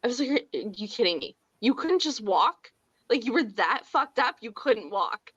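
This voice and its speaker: A woman's voice: on the high side, very animated, moderate pace, a bit bright, slightly rough, no room sound, muffled recording. A woman in her forties co-hosting a podcast, blunt and swearing freely as she acts out family arguments. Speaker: podcast co-host. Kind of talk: casual chat.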